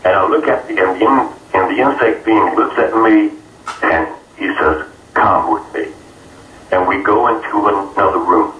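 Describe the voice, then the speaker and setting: A man being interviewed, telling a personal story in an earnest, halting way with many fillers. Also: on the low side, fairly bright tone. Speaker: interview guest. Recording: roomy, distant mic, faint noise.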